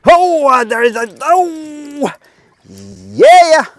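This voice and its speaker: A slow-talking man on a small offshore fishing boat, his pitch leaping all over as he whoops and hollers at each bite. He narrates his catches in loose, excited chatter. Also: dry recording. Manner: exclaims loudly and whoops at catches. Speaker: fishing vlogger. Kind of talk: excited casual commentary.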